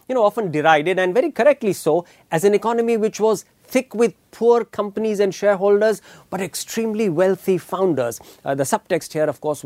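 A middle-aged man with an Indian English accent hosting an opinionated news commentary, emphatic and deliberate, with frequent filler pauses. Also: high-pitched, darkish tone, dry recording. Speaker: commentary show host.

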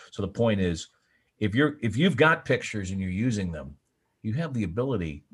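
An older man, a veteran sports broadcaster, telling stories as a guest in a casual podcast chat, animated with frequent restarts and bursts of emphasis. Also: low voice, breathy edge.

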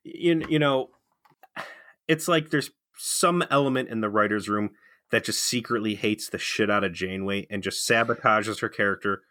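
A man's voice: lowish voice, moderate pace, sharp tone, no echo. Man ranting in a dry close voice. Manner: profane, incredulous. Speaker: podcast co-host. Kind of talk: casual ranting chat.

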